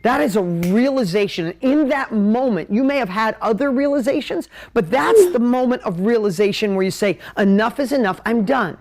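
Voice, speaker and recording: A man teaching at a whiteboard on a live stream, emotional and animated, jumping between ideas and talking straight to his viewers. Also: very high-pitched, normal speed, few pauses. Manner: talks straight to viewers, asks for comments. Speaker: business coach hosting a live stream.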